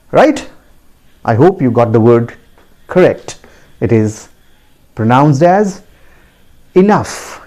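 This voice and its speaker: A man with an Indian English accent gives a pronunciation lesson at an unhurried, drawn-out pace. His tone is mellow and warm, and he repeats each word carefully. He checks in with the listener through a sharply rising "right?". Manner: repetitive, deliberate, asks the listener with a high rising "right?". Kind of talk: video lesson.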